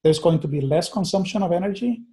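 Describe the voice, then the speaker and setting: Earnest lecturing man, mellow voice. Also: sits high, expressive, fast. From United States. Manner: earnest, thinking aloud with many fillers and restarts. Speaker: teacher. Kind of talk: recorded lecture.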